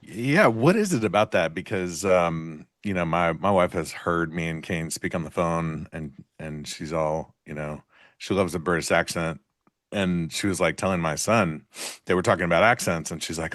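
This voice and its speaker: A man co-hosting a live trading show, chatting casually and explaining market ideas in a relaxed way. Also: low-pitched, normal speed, no echo, studio quality.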